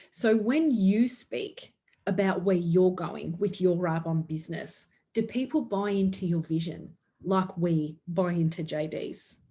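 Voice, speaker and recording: A woman of medium pitch gives her sales team an earnest motivational pep talk. She sounds upbeat and laughs often between points. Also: warm tone. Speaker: network marketing team leader.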